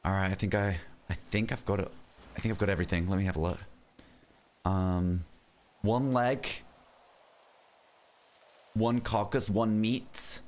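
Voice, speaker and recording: A man's voice: lowish voice, fairly even intonation, unhurried, pauses often, a little mellow. A man from London chatting casually while playing a role-play game, hesitant and easygoing.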